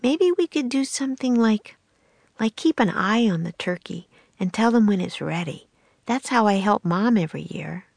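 Brief: woman reading as a cheerful, bold young girl, pitched up, bright and eager, close dry audiobook sound. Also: animated, gravelly, no room sound. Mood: chatty. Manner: bright, eager, quick to reassure. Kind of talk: audiobook character voice.

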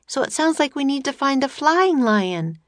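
Storybook girl, young, bold, cheerful, pitched way up, dry close sound. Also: moderate pace, dry recording. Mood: eager. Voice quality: high, bright and excited. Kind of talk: audiobook character voice.

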